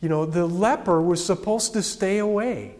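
A man with a somewhat high voice delivers a sermon in a relaxed, conversational manner, speaking plainly to his congregation. His words ring out with a long reverb, as in a large echoey hall. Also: moderate pace. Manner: conversational, plain-spoken preaching. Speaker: pastor.

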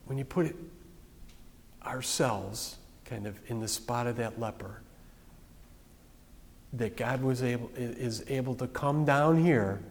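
A man's voice: mid-range voice, big-room sound, slight background noise. A man preaching a sermon as pastor, in a plain-spoken, conversational way.

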